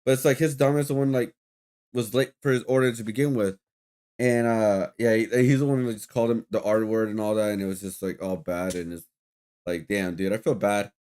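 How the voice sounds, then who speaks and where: A man's voice: fairly low pitch, steady tone, fairly quick, darkish tone, smooth. A man streaming, telling a rambling story in casual chat with lots of fillers and swearing.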